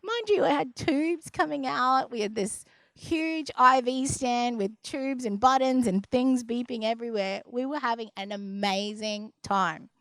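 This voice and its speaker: Casting: young woman storyteller with a higher voice, dry close sound, animated delivery. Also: no echo. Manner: lively, acts out others' voices in a higher pitch; quieter and slower when describing the deep experience. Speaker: speaker sharing a personal story. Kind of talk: personal storytelling to an audience.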